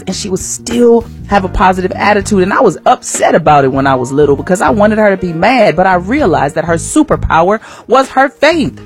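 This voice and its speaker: A woman radio host giving an encouraging faith talk in a warm, colloquial, preachy way. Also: lowish voice.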